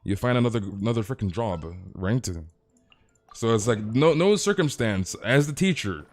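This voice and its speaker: A man's voice: mid-range voice, expressive, normal speed. A man chatting casually on a live game stream, ranting animatedly and peppering his talk with "freaking" and "dude".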